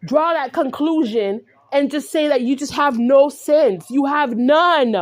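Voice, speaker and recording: Woman, high voice, angry vlog rant, confrontational, repetitive. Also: a little slow. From California. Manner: confrontational, repetitive, peppered with "right?". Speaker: vlogger.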